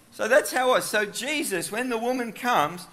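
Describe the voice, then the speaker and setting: A man with a very high, somewhat bright voice and an Australian accent preaches a sermon. He tells it like a chatty story, full of asides and fillers.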